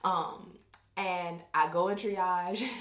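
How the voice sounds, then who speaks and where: A woman's voice: fairly low pitch, fairly even intonation, very slow, a bit bright. Rambling, candid woman, roomy echo. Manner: rambling, self-interrupting, candid. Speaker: vlogger telling her birth story. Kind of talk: casual storytelling.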